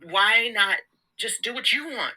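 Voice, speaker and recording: Bright-voiced woman giving casual pep talk. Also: fairly high pitch, lively intonation, measured pace, husky, rough recording. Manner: candid, laughs often, repeats words; slangy, informal. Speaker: self-help vlogger. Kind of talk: casual motivational monologue.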